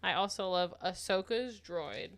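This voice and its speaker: A woman co-hosting a podcast in casual chat, blunt and chatty, quick to laugh. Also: mid-range voice, clean tone. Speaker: podcast co-host.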